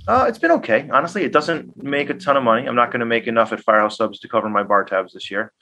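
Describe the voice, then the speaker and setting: Speaking quickly in a mid-range voice, a man who owns a business and invests is a guest in an interview. He tells casual, animated stories and acts out the quoted dialogue.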